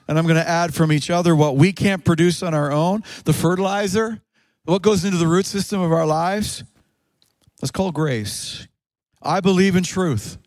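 A man preaching a sermon, moving between quick spoken stretches, slow drawn-out phrases and sudden shouted peaks. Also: on the high side, dry recording. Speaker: pastor.

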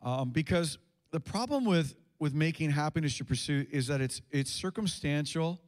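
A man's voice: fairly high pitch, lively intonation, normal speed. A man preaching a sermon to a congregation, talking in a conversational way with fillers and restarts. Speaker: pastor. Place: church sanctuary with congregation.

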